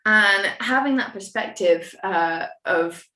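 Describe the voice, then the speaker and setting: A woman's voice: mid-range voice, lively intonation, slow, pushed and bright. Candid young woman in roomy echo. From United Kingdom. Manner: candid, rambling, self-mocking, swears. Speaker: podcast guest. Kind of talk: casual storytelling chat.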